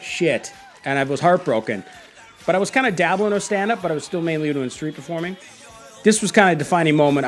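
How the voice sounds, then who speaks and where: A man, a comedian, telling his story candidly in a documentary interview, rambling with many fillers. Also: a little high.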